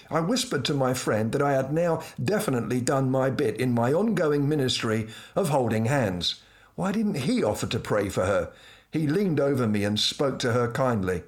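A middle-aged man telling a humorous personal anecdote from a script, with dry, self-mocking wit and lively asides. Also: mid-range voice, normal speed.

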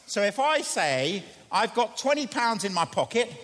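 Earnest preacher in a reverberant church. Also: male voice, high-pitched, sing-song, normal speed, a bit bright. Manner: earnest, questioning, repeats key phrases. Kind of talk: sermon. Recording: long hall reverb.

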